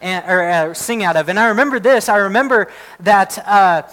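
A male pastor with a high-pitched voice delivers a sermon. He reads long scripture passages aloud, then breaks into relaxed, conversational explanation. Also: normal speed. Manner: prays in a hushed, lowered voice.

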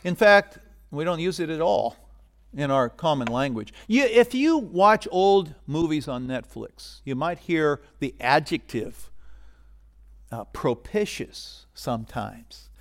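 A middle-aged man preaching a sermon as pastor, animated and getting loud for emphasis. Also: fairly high pitch, slow pace.

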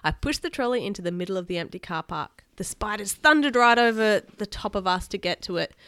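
A woman reading a children's chapter book aloud to a child as a teacher, animated and doing sound effects. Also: mid-range voice, brisk, smooth, no echo, clean studio sound.

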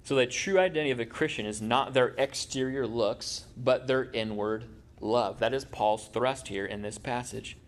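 A pastor preaching a sermon in a church, talking conversationally and making quips to the congregation. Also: male voice, medium pitch, normal speed.

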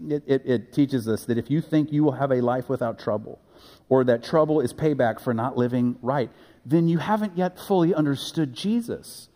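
Male pastor, earnest sermon delivery with emphatic rises, higher-pitched voice, reverberant sanctuary. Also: expressive, a little mellow. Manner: earnest, building to emphatic high-pitched peaks with halting restarts. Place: church sanctuary. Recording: echoey church hall.

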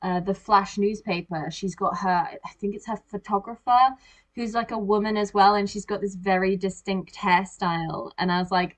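Brief Woman, casual film-chat podcaster, animated, quick to act out reactions, mid pitch. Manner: animated, acts out reactions in quoted asides. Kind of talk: casual movie discussion.

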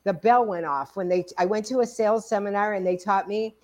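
A woman in her sixties co-hosting a podcast, telling stories in a casual, animated way. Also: medium pitch, fairly quick. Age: 60s. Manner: animated storytelling, acts out quoted dialogue. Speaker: podcast co-host. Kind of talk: casual conversation.

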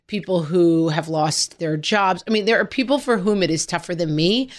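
Mid-aged woman cohosting a podcast, kinda low voice, tells stories fast and lively, does little voices for her family. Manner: animated storytelling, quoting family members in voices. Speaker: podcast co-host. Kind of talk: casual podcast chat.

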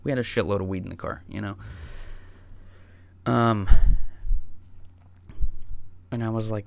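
A man telling a personal story in a casual, rambling way, swearing often and getting excited as he goes. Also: on the low side, measured pace, creaky, pauses often.

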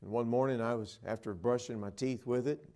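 A man preaching a sermon, telling stories and swinging between loud emphatic lines and hushed ones. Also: medium pitch, steady tone, a little fast.

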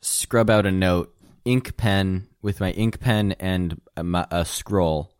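Deep-voiced joking player man. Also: takes it slowly, clear, resonant tone, no echo, studio quality. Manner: joking, laughing easily. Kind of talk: casual tabletop game play.

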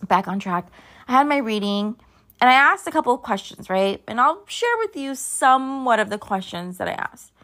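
A woman in her thirties with a somewhat high, sing-song, slightly bright voice hosts a podcast at a moderate pace. Talking casually on her own, she's sleepy and yawning, drifting off track as she rambles.

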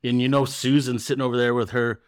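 A man's voice: mid-range voice, little pitch movement, fast talker, no room sound, clean studio sound. A man co-hosting a podcast in loose, joking casual chat, swearing freely. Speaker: podcast co-host.

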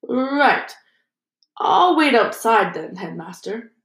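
Lady putting on a big rough gamekeeper guy, urgent ranting, echoey room. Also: fairly high pitch, big pitch swings, slow pace, a bit bright, heavily acted. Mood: sheepish. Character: big rough gamekeeper man, agitated and loyal.

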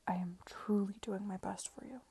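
A woman reading the part of a cool, weary gentleman in an audiobook, curt and icy. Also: mid-range voice, little pitch movement, normal speed, slightly rough, no room sound.

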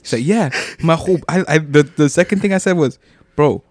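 A man's voice: a little high, fast, slight background noise. A young man co-hosting a podcast, telling rambling party stories with lots of swearing and laughter. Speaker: podcast co-host. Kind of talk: casual chat.

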